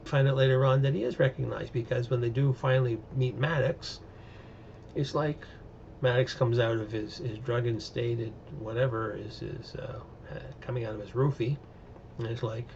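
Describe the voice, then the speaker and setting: A man's voice: mid-range voice, steady tone, normal speed, creaky, a little mellow, muffled recording, a little hiss or hum. A man giving a casual, opinionated recap and review of TV episodes, rambling with many fillers. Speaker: show reviewer.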